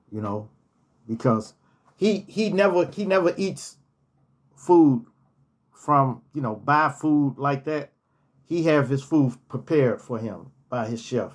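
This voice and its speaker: Slow-talking man telling stories. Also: mid-range voice, lively intonation. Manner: unhurried, repeats key phrases for emphasis. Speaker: storyteller, former hotel manager. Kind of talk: casual personal anecdotes.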